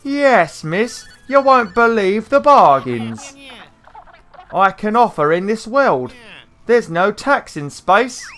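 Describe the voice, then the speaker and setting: Man putting on a Cockney snake trader, high squeezed voice, slow drawn-out patter, boastful salesman. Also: big pitch swings, fairly bright tone, exaggerated voice. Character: hustling male snake shopkeeper, boastful salesman.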